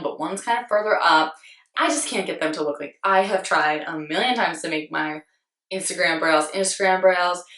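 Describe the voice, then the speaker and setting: A woman in her twenties, a beauty vlogger, chatting casually about her favorite makeup with a slightly hoarse voice, rambling and poking fun at herself. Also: lowish voice, a bit bright, echoey room, distant mic. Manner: chatty, rambling, self-deprecating, lots of "like". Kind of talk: casual product review.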